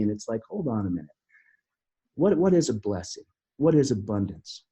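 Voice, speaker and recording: A middle-aged man telling a personal story as a podcast guest, earnest and halting, often restarting his sentences. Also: fairly low pitch, very animated, warm tone, husky, lo-fi sound. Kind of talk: storytelling in an interview.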